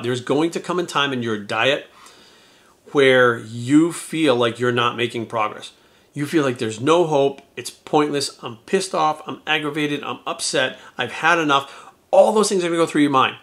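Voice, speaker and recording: A retired bodybuilder turned YouTuber tells his viewers a story straight to camera, his medium-pitched voice slightly bright. He rambles, swears freely, and keeps it candid and casual.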